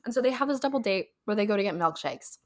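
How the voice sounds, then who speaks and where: Female podcast co-host, twenties, casual and animated recap, swears, mimics characters' lines. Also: medium pitch, fast talker. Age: 20s.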